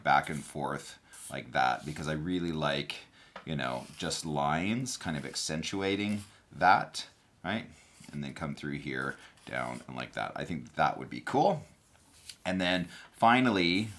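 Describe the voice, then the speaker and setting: A man giving a casual quilting tutorial, chatty and relaxed, often checking in with the viewer as he demonstrates. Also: sits low. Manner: relaxed, chatty, frequent "right?" and "okay?" check-ins. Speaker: quilting instructor.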